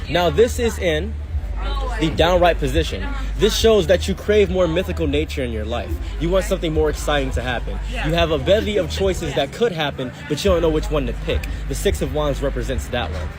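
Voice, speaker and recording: A man's voice: a little high, expressive, brisk, music in the background. A man giving mock-mystical tarot readings to strangers outdoors on a city street, making grand theatrical pronouncements.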